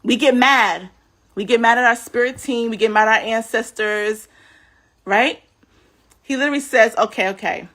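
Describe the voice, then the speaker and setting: A woman giving a casual scripture teaching on a livestream, chatty and animated, often saying "like", talking into a computer webcam mic. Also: fairly high pitch, normal speed, long pauses. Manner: chatty and animated, many "like"s, laughs. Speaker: spiritual teacher.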